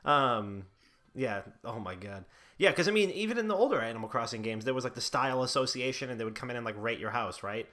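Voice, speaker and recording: A young man chats loosely on a gaming podcast, circling his point with fillers and laughing often. His voice has a bright, forward edge. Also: mid-range voice, lively intonation, fast. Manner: rambling, laughs often, uses filler words. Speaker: podcast host. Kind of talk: casual podcast banter.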